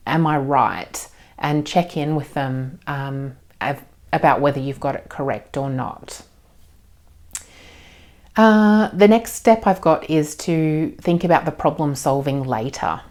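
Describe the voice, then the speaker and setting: A woman giving parenting advice as a psychologist and parent, speaking in a calm, gentle, explanatory way with frequent ums. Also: deep voice, measured pace.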